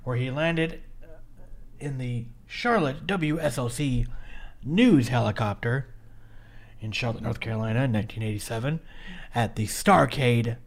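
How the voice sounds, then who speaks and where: A man co-hosting a casual podcast, recapping a wrestling match in a blunt play-by-play way. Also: mid-range voice. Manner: blunt, rapid play-by-play narration. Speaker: podcast co-host.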